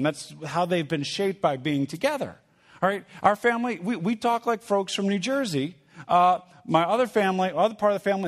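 A man preaching a sermon in a conversational teaching manner, repeating key phrases and checking in with his listeners. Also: a little high. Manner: teaching with a drawing. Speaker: pastor.

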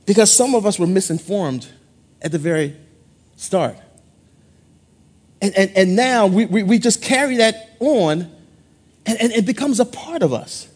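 A middle-aged male pastor, preaching a playful call-and-response sermon in a husky voice. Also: high-pitched.

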